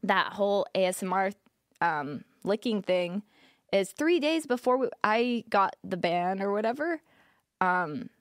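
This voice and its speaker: A young woman talks as a podcast guest, her speech loose and candid, peppered with "like" and easy laughter. Her voice is mid-pitched and recorded close and dry. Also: lively intonation, a little slow, no echo. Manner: casual, filler-heavy with frequent "like", laughs often. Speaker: podcast guest, former streamer. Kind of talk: candid interview chat.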